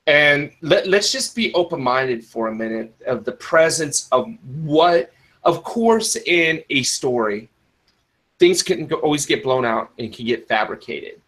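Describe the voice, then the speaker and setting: Bright-voiced rambling male podcast host. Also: on the high side, lively intonation, measured pace, rough recording. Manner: rambling, with many restarts and fillers; answers live chat, spells words in the phonetic alphabet. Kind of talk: casual podcast talk.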